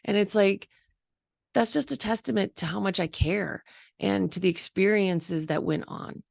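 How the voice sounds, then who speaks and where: A woman's voice: mid-range voice, a little slow, vocal fry, no echo, studio quality. A woman around fifty hosting a candid personal monologue, chatty and open, often laughing and quoting her own thoughts, over a video call. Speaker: host.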